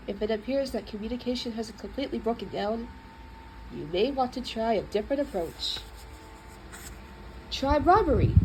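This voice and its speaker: Lively high-voiced woman reading a storybook. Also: moderate pace, pauses often, a little hiss or hum, low-quality recording. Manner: expressive, playful reading. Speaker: storybook reader. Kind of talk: reading a children's book aloud.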